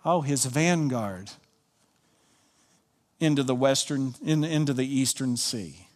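A man from Colorado preaching a sermon as pastor, emphatic and swinging from hushed lines to soaring ones. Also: medium pitch, takes it slowly, big-room sound.

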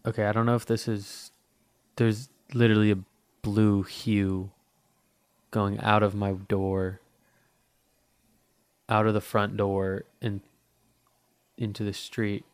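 Podcast host, man, low and dry-sounding, profane rambling delivery, parched mouth. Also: little pitch movement, slow pace, long pauses, clear, resonant tone, no echo. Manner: profane, rambling, heavy with fillers. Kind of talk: casual rambling monologue.

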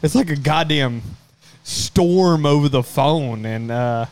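A man in casual podcast chat, retelling a story with plenty of cussing and animated asides. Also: on the high side, slow.

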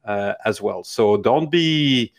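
A man's voice: on the low side, lively intonation, takes it slowly, creaky. A man co-hosting a casual advice chat, rambling with many restarts. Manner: rambling, frequent restarts and fillers. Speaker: co-host of an animation Q&A show.

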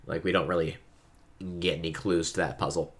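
A man's voice: extremely low pitch, flat delivery, fairly quick. A man co-hosting a podcast, chatting casually about a book and giving frequent listener backchannels.

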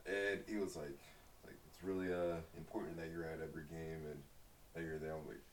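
A man's voice: very deep voice, little pitch movement, a little fast. A young man from Brooklyn, a podcast guest, telling stories in a laid-back, laughing way. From Brooklyn, USA. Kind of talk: casual chat. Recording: distant mic with faint hiss.

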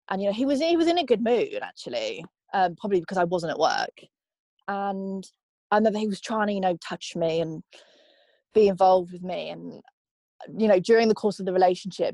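A young woman, speaking as an interviewee and recounting painful memories in a halting, emotional way with many pauses and fillers. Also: lowish voice, a little mellow, no room sound. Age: young adult. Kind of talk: personal testimony interview.

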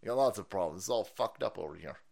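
A man hosting a live stream, ranting in a foul-mouthed way, breaking into loud mocking impressions and laughter. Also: fairly low pitch, lively intonation, quick pace, vocal fry. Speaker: streamer host.

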